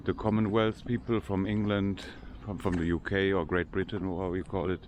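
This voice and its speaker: A man's voice: deep voice, flat delivery, normal speed, darkish tone, a little hiss or hum. A man with a German accent narrating a casual walking tour outdoors, often restarting his sentences as he searches for English words. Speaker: vlogger. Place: outdoor cemetery.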